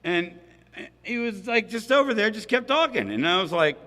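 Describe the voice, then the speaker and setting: A man's voice: sits high, big pitch swings, normal speed, pushed and bright. A man sharing his recovery story at a gathering, candid and funny, with asides to the audience. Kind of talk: personal recovery talk at a roundup. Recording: hall reverb.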